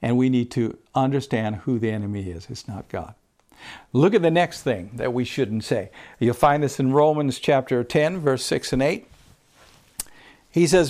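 A male pastor preaching a sermon, pushing his voice up on scripture and dropping it low for stress. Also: normal speed, darkish tone.

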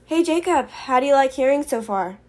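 A woman's voice: a little high, normal speed, darkish tone, a little hiss or hum, natural voice. A woman voicing an earnest teenage schoolgirl who is hard of hearing. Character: teenage girl student, hard of hearing, emotional.

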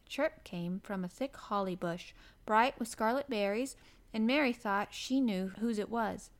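A woman narrating a classic children's novel aloud in a gentle, even storybook manner. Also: mid-range voice, a little slow.

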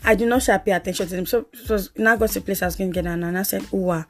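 A young woman with a Nigerian accent, a student-aged podcast co-host, telling stories in an animated, exasperated way in casual chat. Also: mid-range voice, racing, soft background music. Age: young adult.

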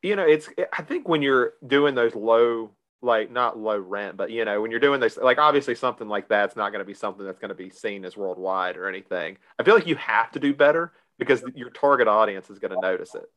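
A man's voice: fairly low pitch, a little fast, few pauses, a bit bright. Filler-heavy man in casual chat. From United States. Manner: hedging, filler-heavy talk.

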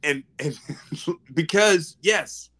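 A man co-hosting a casual faith podcast, speaking in a reflective, thoughtful, somewhat halting way. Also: on the high side, sharp tone, a little hiss or hum. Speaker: podcast co-host.

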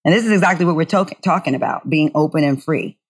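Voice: medium pitch, fast, slightly rough. A co-host in casual talk, earnest and reflective, often restarting sentences. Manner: earnest, thinks aloud with restarts. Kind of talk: casual chat.

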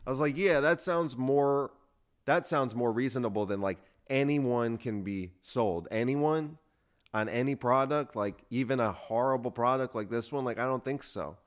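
A man's voice: medium pitch, normal speed. Rambling man telling a story. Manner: rambling, acts out other people's lines with "he's like"; frequent restarts and filler words. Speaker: podcast host. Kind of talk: casual solo storytelling.

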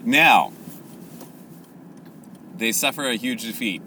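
A man teaching a Bible story in a casual, animated way, laughing often and correcting himself. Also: lowish voice, unhurried, long pauses, a little hiss or hum.

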